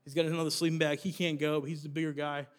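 A man's voice: a little high, little pitch movement, very fast. A young man preaching a sermon as youth pastor, telling a story earnestly with rising emphasis and repeated phrases.

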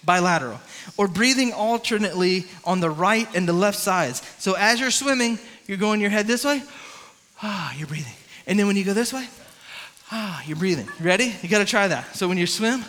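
A man preaching a lively youth sermon, coaching a volunteer through swimming moves and calling on the crowd. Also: high voice, fairly quick, big-room sound. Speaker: youth pastor.

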